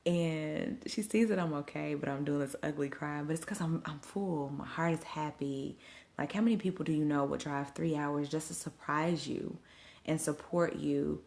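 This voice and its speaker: Low, gravelly-voiced woman livestreaming. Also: moderate pace, darkish tone. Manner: chatty storytelling, speaks directly to viewers. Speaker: event host and live streamer. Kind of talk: casual livestream recap. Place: at home at night. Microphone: phone livestream.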